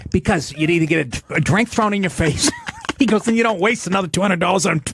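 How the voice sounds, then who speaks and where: A man's voice: sits high, quick pace, slight background noise. A middle-aged man, hosting a call-in podcast and telling stories full of swearing and laughter. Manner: animated, profane storyteller who laughs a lot. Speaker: podcast host.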